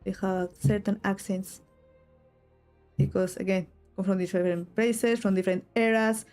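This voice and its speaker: A woman's voice: medium pitch, little pitch movement, moderate pace, darkish tone, faint music behind. A young woman from Spain with a Spanish accent, chatting casually to her stream in English while she draws, rambling and breaking off mid-thought with little giggles. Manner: rambling, self-interrupting, giggly asides.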